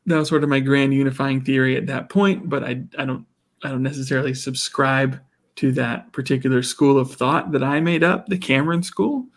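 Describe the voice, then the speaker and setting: Male podcast co-host, gravelly, relaxed chat, quotes bits of scenes. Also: medium pitch, a little fast. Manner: laughs often, acts out quotes of characters. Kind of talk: casual chat.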